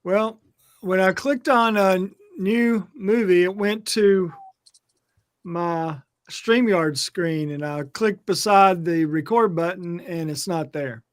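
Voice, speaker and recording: A man in a class chat, hesitantly troubleshooting out loud. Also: high voice, slow pace, no room sound, clean studio sound.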